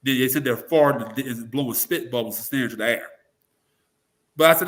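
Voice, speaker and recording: A talk radio personality appearing as a political guest gives blunt, emphatic opinions, swearing often and imitating the voices of people he quotes. His voice is medium-pitched and fairly bright, and he talks fairly quickly with frequent pauses.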